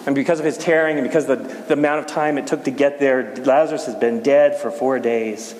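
A man preaching a casual sermon, talking in a conversational, halting way with frequent restarts. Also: mid-range voice, fairly even intonation, a little mellow. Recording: echoey hall with faint hiss.

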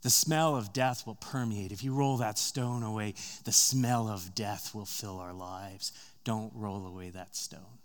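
A man preaching a sermon, retelling a story with conversational asides, rising louder and higher at tense moments and dropping soft and slow.

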